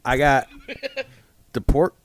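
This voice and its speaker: A young man hosting a casual podcast, joking and laughing as he rambles through a meat-box pitch. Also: slow pace, dry recording. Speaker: podcast host. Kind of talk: casual chat.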